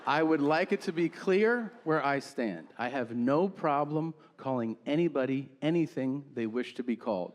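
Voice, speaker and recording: A middle-aged man telling a stand-up story in a deadpan way and acting out the other people in it. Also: mid-range voice, moderate pace, hardly any pauses. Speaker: stand-up comedian. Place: theater stage before a laughing audience. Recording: live stage recording with audience noise.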